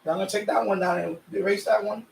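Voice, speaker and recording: A high-pitched, gravelly-edged man from a Puerto Rican family in New York rambles through a casual live stream, circling back and repeating himself. He is sweaty from the heat. He sits a little away from the mic in a roomy, echoey space with faint noise behind him. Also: fairly even intonation, fast. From Puerto Rican family, raised in New York. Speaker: radio hobby live streamer. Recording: echoey room, voice a bit far off.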